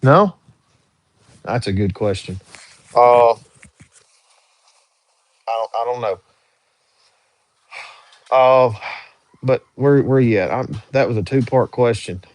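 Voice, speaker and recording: A man's voice: medium pitch, takes it slowly, long pauses, no echo. A young man hosting a casual livestream, reading viewer questions aloud and answering them in an easygoing, drawling way. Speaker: livestream host answering chat.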